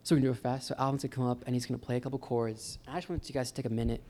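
A mellow mid-range voice rattles along very fast with fairly even intonation as a man preaches at a church gathering. His sermon is casual and encouraging, with faint live guitar behind it, and he keeps calling the audience "guys."

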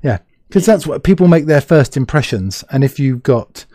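A man's voice: medium pitch, lively intonation, normal speed, mellow, no echo, clean studio sound. A man from the UK hosting a casual interview over a video call, rambling and interrupting himself as he talks. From United Kingdom. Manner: rambling, self-interrupting, chatty. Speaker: podcast host.

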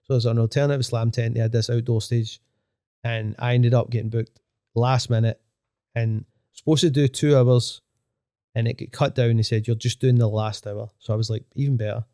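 A young man, a DJ guest, chatting casually in quick, rambling, profane talk full of fillers. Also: mid-range voice, steady tone, mellow, dry recording, clean studio sound. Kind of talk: casual chat.

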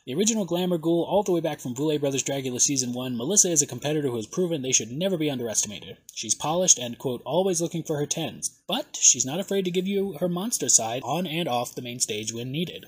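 A man hosting a casual podcast, excitable and swearing now and then as he reads contestant bios aloud. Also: fairly high pitch, fast, hardly any pauses, husky, dry recording. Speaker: podcast host.

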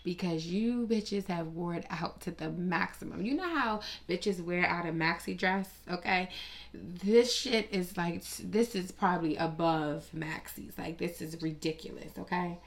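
A woman's voice: lowish voice, unhurried. A woman vlogger delivering a dramatic, profane, mock-grieving comedic rant with plenty of sass.

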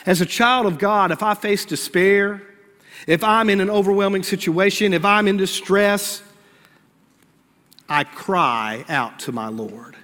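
A man pastor preaching a sermon earnestly, rising for emphasis and dropping to hushed, prayerful lines. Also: high-pitched, a little slow, big-room sound.

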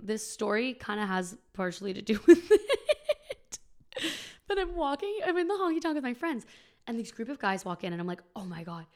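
A woman in her twenties hosting a podcast, telling a story in a chatty, casual way full of "like" and acted-out quotes. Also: a little high. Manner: chatty, frequent "like", animated quoting. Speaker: podcast host.

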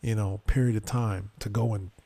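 Podcast co-host, male, gravelly voice, animated storyteller who acts out quotes. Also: normal speed. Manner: animated retelling, acts out quotes with sudden rises in pitch. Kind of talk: casual storytelling chat.

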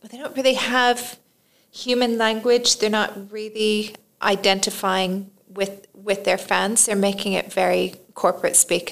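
A woman's voice: mid-range voice, creaky. A woman in PR and communications co-hosting a casual podcast, giving her thoughtful opinions with restarts and light laughs. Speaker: podcast co-host, PR and communications professional.

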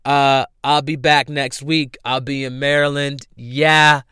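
A man's voice: mid-range voice, slow, clean tone, no room sound, clean studio sound. A young man from New hosting a solo podcast, ranting bluntly and profanely in a casual way. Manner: profane, blunt, heated rants then relaxed sign-off. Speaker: podcast host. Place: home room.

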